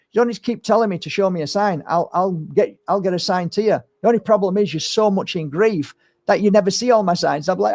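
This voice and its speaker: A middle-aged man with a high-pitched voice speaks in a casual, animated monologue, like a healer talking straight to his viewers. He tells stories with energy and mimics what others said. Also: quick pace. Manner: animated storytelling, swears, acts out voices. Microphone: streaming setup.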